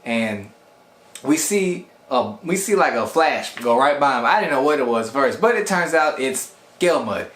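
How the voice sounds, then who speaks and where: A man's voice: medium pitch, unhurried. A man rambling through a casual anime episode review in a chatty, loose way. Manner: rambling, chatty, animated quoting. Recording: echoey room.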